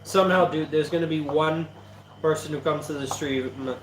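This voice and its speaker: A man's voice: fairly high pitch, steady tone, normal speed. A young man hosting a cooking livestream, rambling and joking with his chat while he preps food. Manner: rambling, jokey, talks to chat. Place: home kitchen. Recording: echoey kitchen with chopping noise.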